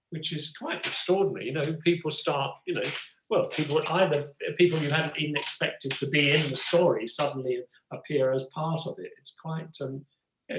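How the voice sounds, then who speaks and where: A man's voice: fairly high pitch, reverberant, low-quality recording. A man in his sixties from England, an actor and writer telling stories as an interview guest, rambling with many "you know" asides. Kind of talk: relaxed storytelling conversation.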